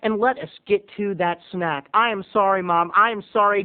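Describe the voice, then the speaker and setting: A man hosting a video blog, telling a comic story with theatrical swings between booming and hushed. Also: moderate pace, clear, resonant tone. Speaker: vlog host. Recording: tinny phone-like audio.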